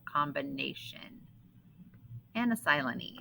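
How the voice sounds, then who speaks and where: A woman's voice: deep voice, lively intonation, moderate pace, creaky, pauses often, pushed and bright, a little hiss or hum, rough recording. A woman teaching a phonics lesson to young children, patiently sounding out words and spelling rules.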